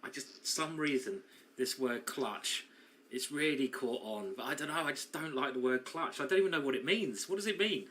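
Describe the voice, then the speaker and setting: A male chess commentator with a bright, forceful voice and a middle pitch, talking through the games in loose live banter. He jokes at his own expense and laughs easily, so the talk stays chatty. A faint hiss sits under his voice. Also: moderate pace. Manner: chatty, self-mocking, laughs often.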